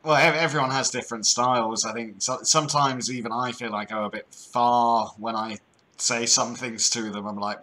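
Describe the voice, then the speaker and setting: A man hosting a call-in radio show, his voice bright and forward. He talks casually and stumbles through quick restarts before settling into a point. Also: fairly low pitch, fairly even intonation. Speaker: host.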